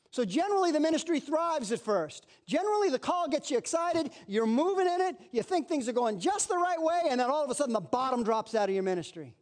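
A man preaching a sermon in a lively way, acting out little scenes in quoted voices. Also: very high voice. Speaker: pastor.

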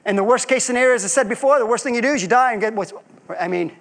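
High-voiced man preaching a sermon. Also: racing, fairly bright tone. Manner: preaching with rhetorical questions to the congregation. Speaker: pastor.

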